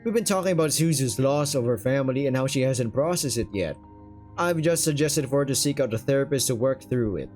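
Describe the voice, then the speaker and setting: A man voicing a calm, considerate young male protagonist in a visual novel. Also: mid-range voice, fairly quick, soft background music, natural voice. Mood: gentle.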